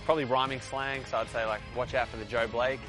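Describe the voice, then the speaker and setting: A man's voice: mid-range voice, level tone, fast, low-quality recording. A young Australian man in his twenties, a football player guest, giving laid-back, dry, brief answers. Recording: music playing behind.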